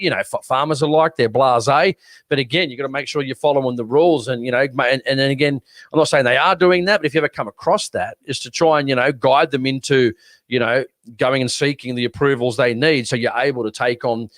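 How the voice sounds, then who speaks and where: A man's voice: medium pitch, fairly bright tone, no echo. An Australian man co-hosting a podcast, telling a story in a rambling, casual way with lots of restarts. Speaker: podcast co-host. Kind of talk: casual chat.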